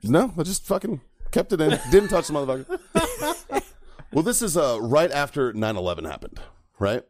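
A man's voice: fairly high pitch, wildly swooping pitch, moderate pace, darkish tone. Laughing, profane man telling a wild story. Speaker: podcast host. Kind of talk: casual storytelling with friends.

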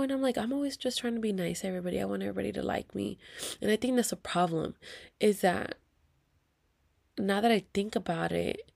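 A woman's voice: medium pitch, creaky, darkish tone. A woman, venting to viewers in a heated, profane story with whispered asides. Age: 30s. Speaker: vlogger.

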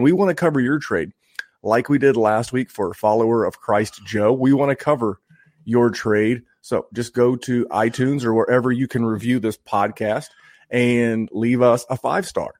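A man's voice: mid-range voice, darkish tone, dry recording, clean studio sound. A man from Indiana hosting a fantasy football podcast in a chatty, joking way with frequent restarts. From Indiana, USA. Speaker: podcast host. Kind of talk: casual podcast intro.

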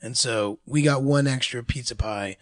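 A man's voice: mid-range voice, normal speed, dry recording, studio quality. A man co-hosting a podcast in casual banter, joking and mumbling a little. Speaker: podcast co-host.

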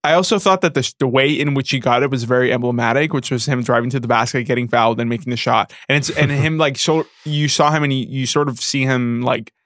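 A male co-host recounting what he saw, halting and hunting for his words, with plenty of fillers. His voice is mid-pitched and recorded dry and close. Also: a bit bright, dry recording. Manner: halting, searching for words, many "like"s. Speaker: podcast co-host. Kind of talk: casual sports chat.

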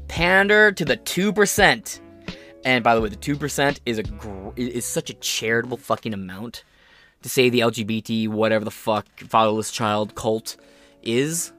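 A man's voice: mid-range voice, fairly bright tone. A man hosting a podcast, giving casual, sarcastic commentary on a news article and swearing freely as he rambles into stories. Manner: profane, sarcastic, rambling storyteller. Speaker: podcast host.

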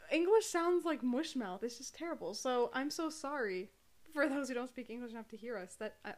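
A woman co-hosting a casual reaction podcast from a bedroom desk, animated and quick to break into laughter. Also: sits high. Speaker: podcast co-host. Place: desk under a loft bed in a bedroom. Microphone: propped-up phone.

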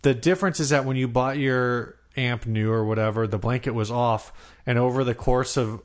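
A man's voice: medium pitch, fairly even intonation, normal speed. Rambling man in casual podcast chat. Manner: rambling, lots of fillers and restarts. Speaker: podcast co-host.

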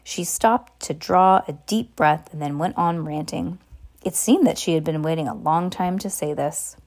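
A woman's voice: low voice, moderate pace, a little mellow. A woman narrating a children's novel as an amateur audiobook, stumbling and correcting herself as she reads. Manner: stumbling, self-correcting reading. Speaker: reader.

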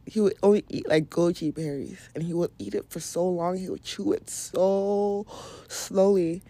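A woman's voice: lowish voice, steady tone, moderate pace, dark tone. A woman from Nigeria hosting a podcast, talking casually and frankly about wellness, swearing freely and often laughing. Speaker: podcast host. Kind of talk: casual spiritual wellness monologue.

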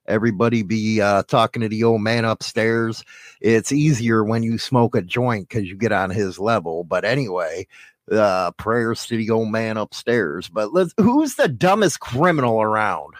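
A man with a lively, up-and-down voice hosts a rough-edged chat show. He rambles through bawdy jokes. The sound is dry and close, with no room around it. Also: on the low side, moderate pace, no room sound. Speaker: podcast co-host. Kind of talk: casual crude chat.

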